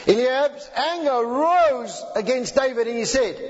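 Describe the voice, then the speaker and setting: A man preaching a sermon, retelling a scripture story in a lively way and acting out the quotes. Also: extremely high pitch, a little slow. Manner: animated, lively paraphrasing with acted-out quotes. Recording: echoey hall, dull lo-fi sound.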